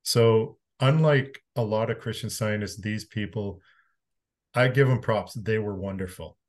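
Interview guest: low-voiced Canadian man, frank storyteller, casual swearing, calm to emphatic. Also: unhurried. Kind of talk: candid conversational storytelling.

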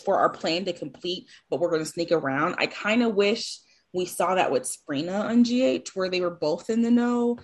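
A woman co-hosting a podcast, chatty and lively in casual conversation. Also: on the low side, normal speed. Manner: chatty, lively, laughs while acting out scenes. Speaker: podcast co-host. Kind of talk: casual chat.

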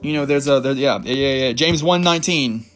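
A man's voice: medium pitch, fairly quick, fairly bright tone, soft background music. A man giving an informal devotional talk, reading Bible verses and rambling a little as he laughs at himself. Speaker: Christian encouragement speaker.

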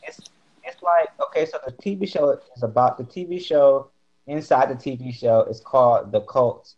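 A man's voice: mid-range voice, a little mellow. A man chatting casually in a group call, rambling and restarting his sentences often. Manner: rambling, halting, many restarts. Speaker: podcast participant. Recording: muffled lo-fi mic.

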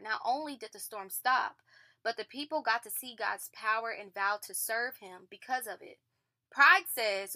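A woman with a bright, forceful voice pitched a bit high talks through a devotional reflection. She is expressive and casual, chatting straight to her listeners as y'all. The sound is dry and close. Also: dry recording. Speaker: devotional podcast host.

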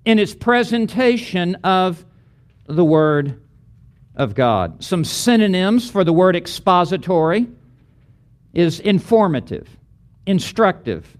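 A middle-aged man gives a preaching lecture in a high-pitched voice. He speaks slowly and deliberately, stacking emphatic, rhythmic lists of repeated phrases. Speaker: seminary teacher of preaching.

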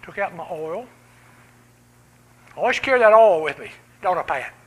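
Impassioned preacher, bright lively voice. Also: male voice, sits high, moderate pace, slight background noise, rough recording. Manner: impassioned, swings from loud cries to quiet hushed lines. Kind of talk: sermon.

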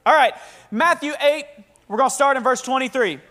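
High-voiced talkative Southern preacher. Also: male voice, fairly quick. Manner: talkative, energetic, joking. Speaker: pastor. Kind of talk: lively sermon with call-and-response. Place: church hall with a live congregation.

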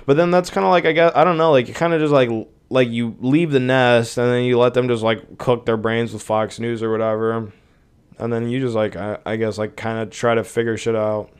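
Smooth-voiced young man ranting profanely. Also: medium pitch, fairly even intonation, brisk. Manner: rambling, profane and exasperated. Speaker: podcast host. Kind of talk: casual rant.

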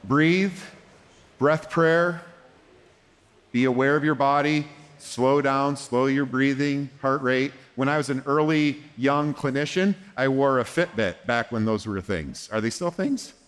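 A man's voice: mid-range voice, a little slow, clear, resonant tone. Man giving a conference talk. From United States. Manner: conversational, acts out dialogues in short quoted lines; gentle, reassuring when voicing the counselor. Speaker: therapist speaking at a conference. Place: conference hall with an audience.

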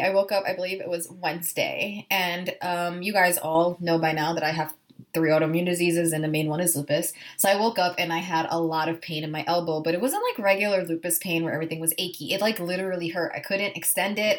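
A woman co-hosting a podcast, telling a story in a chatty way, full of "like" and the odd swear word. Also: lowish voice. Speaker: podcast co-host. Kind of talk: casual chat.

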